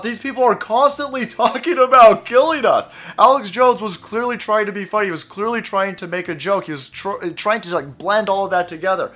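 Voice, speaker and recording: A man with a high, sharp voice hosts a ranting political commentary channel, talking a little fast with hardly any pauses. He's sarcastic and mocking, swears often, mimics others in exaggerated voices, and laughs between lines.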